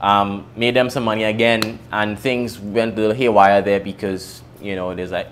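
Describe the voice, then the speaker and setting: A man's voice: lowish voice, normal speed, a little hiss or hum. Trinidadian young man telling his story. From Trinidad and Tobago. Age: young adult. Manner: candid, emotional, swings from lively to hushed. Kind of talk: personal storytelling to camera.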